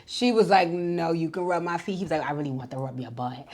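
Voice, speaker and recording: A woman's voice: low voice, fast talker. A woman giving a casual, chatty recap of a reality show, retelling scenes and acting out what people said. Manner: chatty, animated retelling with acted-out quotes. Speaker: TV show reviewer.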